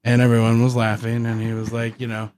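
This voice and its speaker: A man co-hosting a comedy podcast, telling long deadpan stories full of restarts and filler. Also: mid-range voice, brisk, no echo, studio quality. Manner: rambling deadpan joke-telling with many restarts. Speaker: podcast co-host. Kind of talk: casual comedic banter.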